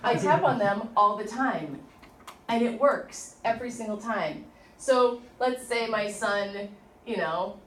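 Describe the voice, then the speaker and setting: A middle-aged woman teaching an informal workshop, chatty and animated as she tells stories to the group. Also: mid-range voice, slight background noise. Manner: chatty, storytelling, animated asides. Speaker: tapping instructor. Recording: echoey room from a distant mic.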